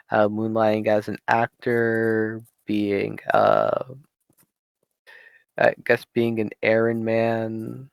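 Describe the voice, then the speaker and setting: A man narrating as game master in a tabletop game over voice chat, halting and full of fillers. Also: fairly low pitch, gravelly, no room sound. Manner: halting, many fillers and restarts.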